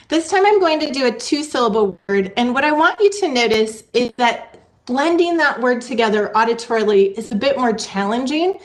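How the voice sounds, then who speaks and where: A woman giving a presentation to a virtual meeting, teaching reading skills in a clear, teacherly way and sounding out letters slowly. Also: on the high side. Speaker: literacy presenter. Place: online meeting.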